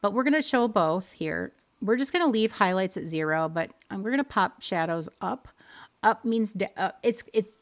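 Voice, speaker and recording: Chatty woman explaining game photo settings. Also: lowish voice. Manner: chatty and explanatory, often rephrasing herself. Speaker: livestream host teaching game photo editing. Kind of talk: casual live tutorial.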